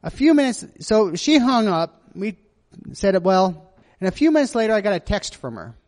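A man's voice: high voice, sing-song, normal speed, darkish tone. A man preaching a sermon, earnest and confessional, who often checks in with his listeners by asking "right?". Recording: long hall reverb.

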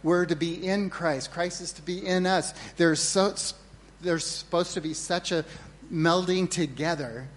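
A man preaching a sermon as pastor, earnest and storytelling, with animated retellings of his own moments of panic. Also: on the high side, in a large hall, a little hiss or hum. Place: church hall.

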